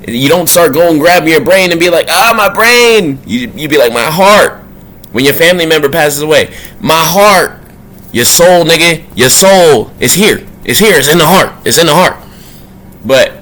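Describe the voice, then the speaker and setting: A man speaks in a loose, profane, slangy monologue about the soul and the universe. His voice is mid-pitched and keeps swinging from low, mumbled asides up to loud, drawn-out emphatic bursts. There is a faint noise behind him. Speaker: spiritual vlogger. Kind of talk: casual spiritual monologue.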